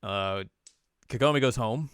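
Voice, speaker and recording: A man's voice: mid-range voice, fairly bright tone, clear, resonant tone, no room sound, clean studio sound. A man co-hosting a podcast, chatting casually through an anime episode recap and slipping into silly character voices. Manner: chatty retelling of scenes in quick silly character voices, laughs often. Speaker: podcast co-host.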